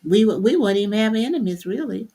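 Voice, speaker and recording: A woman's voice: mid-range voice, expressive, quick pace, dark tone, slightly rough. An older woman, the mother of one of the hosts, co-hosting a casual faith chat with short, earnest statements. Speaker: co-host, mother of a host.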